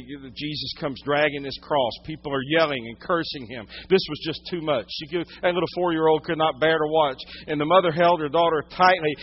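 Male pastor, sermon, dramatic hush-to-loud delivery, fairly high voice, lo-fi muffled audio. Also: slightly rough. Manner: dramatic swings from hushed to loud storytelling.

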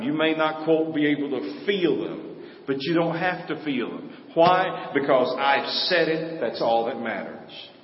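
Emphatic preacher in an echoey hall. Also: male voice, fairly high pitch. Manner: emphatic, sing-song preaching cadence with sudden volume swings. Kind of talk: sermon. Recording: echoey hall, dull sound.

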